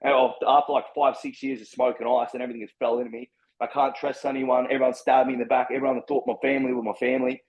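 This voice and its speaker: Australian man, podcast guest, rambling candid storytelling, lots of swearing, mid-pitched voice, dull lo-fi recording. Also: little pitch movement, fast. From Brisbane, Australia. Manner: rambling, frank and heavily profane.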